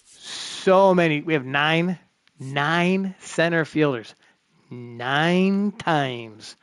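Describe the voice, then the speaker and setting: A man's voice: a little high, extremely slow, fairly bright tone, clean tone, dry recording. Chatty male streamer on a close, dry mic. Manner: chatty, talks to himself while sorting players. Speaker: gaming streamer. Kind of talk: live commentary while playing a baseball game.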